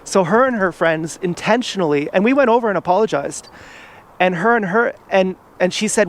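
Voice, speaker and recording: A man's voice: sits high, animated, fairly quick. A man vlogging outdoors from an e-bike, rambling in a casual monologue full of "like" and restarts.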